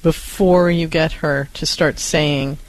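A co-host on a parenting advice show, speaking in a reassuring, calm and measured way. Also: mid-range voice, no echo, rough recording. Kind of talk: advice talk show discussion.

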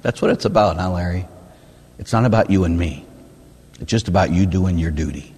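A man's voice: sits low, brisk, a little mellow, slightly rough, pitched below the performer's own voice. A man voicing God as a wry, dry figure teasing a priest about his duty. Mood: sarcastic. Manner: dry, sarcastic. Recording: echoey hall reverb.

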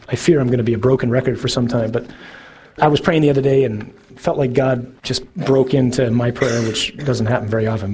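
A man giving a sermon as a priest, earnest, slowing down to stress key words. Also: medium pitch. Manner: earnest, slows for emphasis.

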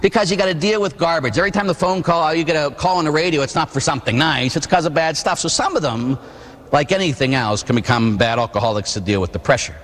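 A man's voice: on the high side, fast talker, a bit bright. A Catholic priest in his forties from Pittsburgh gives a sermon full of personal stories, with humorous asides and a habit of tag questions. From Pittsburgh, USA. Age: 40s. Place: church. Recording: long church reverb.

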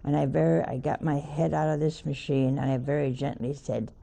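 A woman's voice: low voice, steady tone, a little fast, vocal fry, mellow, slight background noise. An older woman, a nun, preaching a sermon by telling a homely story with wry asides.

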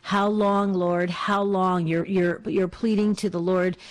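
A woman's voice: lowish voice, little pitch movement. A woman hosting a religious call-in radio show, speaking earnestly and encouraging listeners and callers. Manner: warm encouraging, slow and earnest. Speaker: radio host.

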